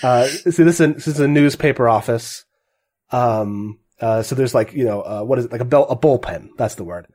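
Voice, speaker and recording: A man narrating as game master of a tabletop game, halting and self-correcting as he goes. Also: mid-range voice, darkish tone.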